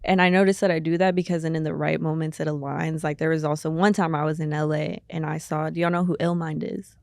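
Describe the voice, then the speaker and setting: A woman chatting on a podcast in a fairly low voice. She tells stories animatedly, full of fillers, acting out the voices she quotes. The sound is dry and close to the mic. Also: flat delivery, fast talker, gravelly, a little mellow, no echo. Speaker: guest DJ. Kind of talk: casual podcast chat.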